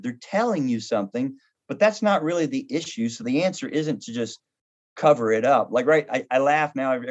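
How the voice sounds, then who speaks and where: Lively storytelling man in his fifties. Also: mid-range voice. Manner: humorous, animated, acts out quoted voices. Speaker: pastor and counselor. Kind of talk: conversational storytelling on a podcast. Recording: dull lo-fi audio.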